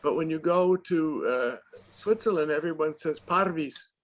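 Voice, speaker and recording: A man, a dance teacher, chatting casually on a video call, speaking haltingly with many restarts. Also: on the high side, low-quality recording.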